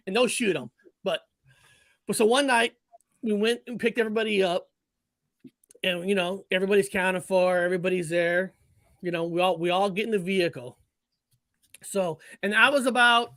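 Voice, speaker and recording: A man in his forties telling a story in casual conversation, animated and profane, often restarting and correcting himself. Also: high voice, dry recording. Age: 40s. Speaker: guest.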